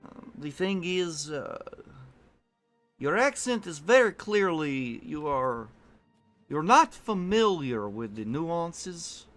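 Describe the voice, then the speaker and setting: A man's voice: a little high, very animated, slow pace, fairly bright tone, faint music behind, pitched above the performer's own voice, full character voice. A man putting on a fake French accent as a prim, condescending Frenchman who teases. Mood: teasing. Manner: teasing, prim.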